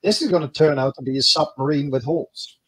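A man's voice: on the high side, fast talker, fairly bright tone, slightly rough, no echo. A man co-hosting a casual live stream, teasing his friend with dry jokes and laughing often.

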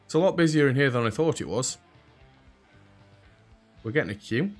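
A man's voice: medium pitch, lively intonation, normal speed, faint music behind. A man with an English accent that drops H's and T's, giving casual, sarcastic let's play commentary. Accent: English, dropped H's and T's. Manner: dry, sarcastic, chatty.

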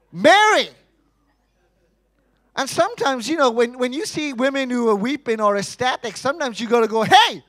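A man preaching a sermon in church, animated, asking rhetorical questions and acting out quotes. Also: very high voice.

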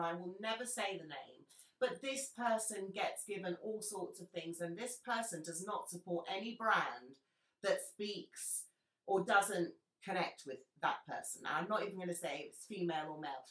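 A woman who is a makeup artist and brush maker, talking frankly and passionately to her followers, blunt and quick to swear. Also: medium pitch, bright, forceful tone. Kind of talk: candid spoken talk to followers. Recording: roomy sound, distant mic.

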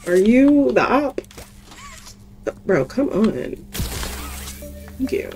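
A woman's voice: on the high side, expressive, very slow, darkish tone, soft background music. A young woman giving casual let's-play commentary, mocking herself and talking to the game and her viewers. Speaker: gaming youtuber.

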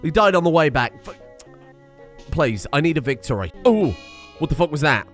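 A man commentating on a video game as a streamer, excitable, laughing and swearing often. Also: on the high side, normal speed, faint music behind. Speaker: gaming streamer. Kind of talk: let's play commentary.

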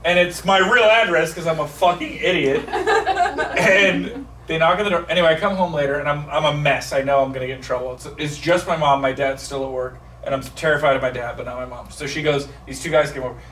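Man, high voice, profane comedic storyteller, echoey room heard from a distance. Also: brisk. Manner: profane, animated, acts out voices. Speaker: stand-up storyteller. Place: comedy theater stage. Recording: echoey live room, mic from a distance, background noise.

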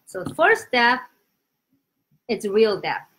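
High-voiced Korean-accented woman teaching. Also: slow, a little hiss or hum. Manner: animated, drills pronunciation with repetition. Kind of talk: casual live-stream language lesson.

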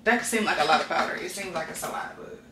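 A woman's voice: fairly low pitch, fast, very noisy. A young woman, vlogging from home in a chatty, candid way and talking straight to her viewers. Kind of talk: casual vlog chat. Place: at home, roomy indoor space. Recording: echoey room, distant mic.

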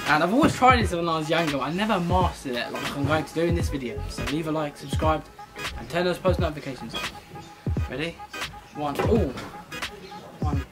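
A young man chatting excitably and joking through a challenge vlog. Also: on the high side, fast talker. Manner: excitable, chatty, jokey self-commentary. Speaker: YouTuber. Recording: echoey room with loud music behind.

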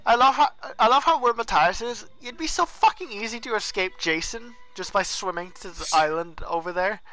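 A man's voice: high voice, brisk, low-quality recording. A young man chatting casually while playing a video game, swearing often and breaking into outbursts. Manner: swearing, laughing, loud outbursts. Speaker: gamer. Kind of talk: casual gameplay chat.

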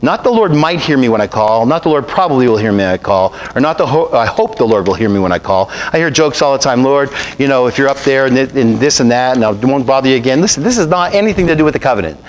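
Animated preaching man. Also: medium pitch, fast talker, hardly any pauses. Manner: preaching, calls for congregation to repeat and answer. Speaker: pastor. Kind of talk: sermon.

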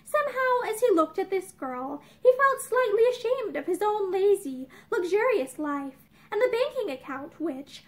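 A woman's voice: extremely high pitch, big pitch swings, normal speed. A young woman reading a novel aloud expressively, with small restarts, in a room with bookshelves. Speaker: reader of a novel.

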